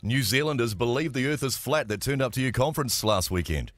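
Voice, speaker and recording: A man's voice: mid-range voice, expressive, brisk, fairly bright tone, no room sound, clean studio sound. A man co-hosting morning radio, chiming in and giggling along. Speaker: radio co-host.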